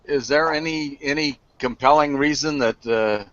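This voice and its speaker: A man joining a live online hangout as a guest, halting with many fillers as he patiently explains. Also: a little high, fairly bright tone, dry recording, highs cut off.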